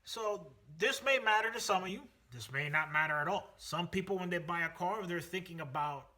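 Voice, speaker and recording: A man's voice: high-pitched, moderate pace, sharp tone. A man hosting a car channel, talking casually and energetically to camera, full of fillers and self-corrections. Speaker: car channel host, automotive technician.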